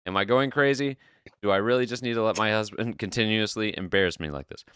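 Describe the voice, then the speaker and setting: A man hosting a podcast, chatting casually and reading an online post aloud as an animated storyteller who swears freely. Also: fairly low pitch, fast talker, clean tone, dry recording, clean studio sound. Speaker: podcast host.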